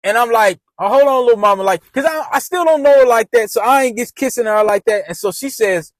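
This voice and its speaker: A man's voice: very high voice, fast, no echo. A man casually retelling a personal story in loose slang, often restarting his sentences.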